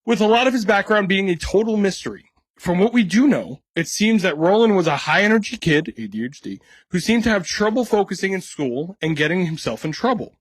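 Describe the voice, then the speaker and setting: Irreverent, lively man telling a story. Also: high voice, brisk, dry recording. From United States. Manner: irreverent, swears a lot, laughs at his own jokes. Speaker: podcast host telling the story. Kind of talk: casual comedic storytelling podcast.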